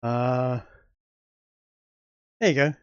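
A man chatting casually as a podcast co-host, animated and quick to laugh. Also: mid-range voice, clean tone, no echo. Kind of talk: casual chat. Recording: dry, dull lo-fi audio.

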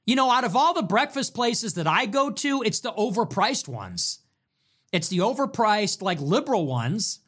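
A young man hosts a livestream and rants through profane, sarcastic commentary. His pitch swings widely from low grumbles to high mocking bursts. He sounds heated and opinionated throughout. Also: very animated, normal speed, fairly bright tone. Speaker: livestream host.

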